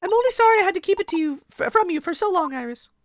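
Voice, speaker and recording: A man voicing a polite, gentle young woman assistant from a mystery game in a soft, high falsetto. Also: animated, rapid-fire, slight background noise. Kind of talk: reading game dialogue aloud.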